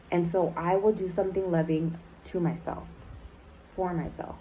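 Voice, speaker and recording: A woman's voice: lowish voice, steady tone, unhurried, darkish tone, slight background noise, rough recording. A woman in a recovery program speaking in a candid personal diary talk, blunt and emotional, swearing often and filling her speech with "like" and "um".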